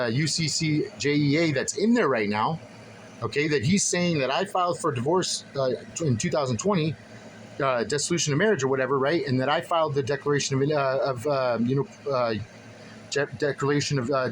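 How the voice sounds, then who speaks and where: A man's voice: mid-range voice, a little hiss or hum, poor audio. Agitated, profane man venting to camera. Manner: agitated, profane, rambling with many restarts. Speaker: vlogger. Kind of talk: casual venting monologue to camera.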